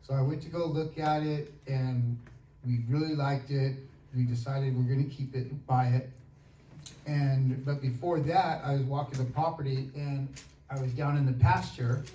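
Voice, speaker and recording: Relaxed man recounting a story in a hall. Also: medium pitch, normal speed. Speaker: guest sharing a testimony. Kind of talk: casual storytelling testimony. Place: church hall. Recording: roomy hall, mic far off, faint noise.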